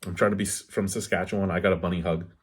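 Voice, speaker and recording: A man with a slightly low, husky voice, casually reviewing a beer on camera. He chats loosely and wanders off into tangents before coming back. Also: little pitch movement, rapid-fire. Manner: rambling, digressive, candid; talks with his hands.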